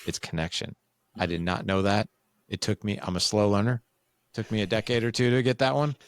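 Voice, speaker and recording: Low-voiced man telling his story. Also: a little fast, smooth, no room sound. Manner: animated, acts out his own past quotes. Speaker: podcast guest. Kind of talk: candid conversational storytelling.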